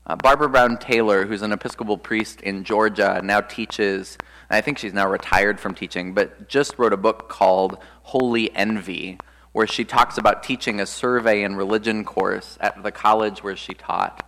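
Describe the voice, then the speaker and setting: A man, an Episcopal priest, preaching a sermon in a relaxed, thoughtful way, often pausing with "uh" and "um". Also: on the low side. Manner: conversational and reflective, with frequent "uh" and "um". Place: church. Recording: long church reverb.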